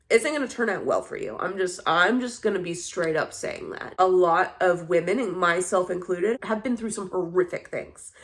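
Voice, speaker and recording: Blunt, gravelly-voiced woman vlogger. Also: lowish voice. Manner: candid and blunt, swears freely, animated storytelling. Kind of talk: casual chat.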